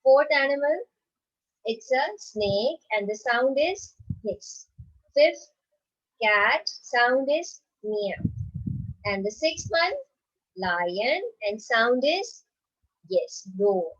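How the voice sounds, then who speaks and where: A woman with a fairly high voice teaches young children at an unhurried, deliberate pace. She repeats each question and answers it herself, tagging "right?" onto almost every point. The recording sounds dull and lo-fi. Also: animated, fairly bright tone. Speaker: primary school teacher.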